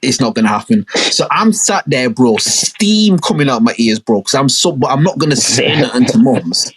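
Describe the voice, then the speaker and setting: A young man telling a story on a podcast, animated and full of street slang. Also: medium pitch, moderate pace, slightly rough, rough recording. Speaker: podcast co-host. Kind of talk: casual storytelling chat.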